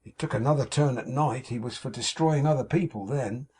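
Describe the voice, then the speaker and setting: A man's voice: medium pitch, brisk, mellow, slightly rough, lightly acted. A man voicing a fussy, effusive middle-aged landlady who confides everything melodramatically, in a storybook reading. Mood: gushing.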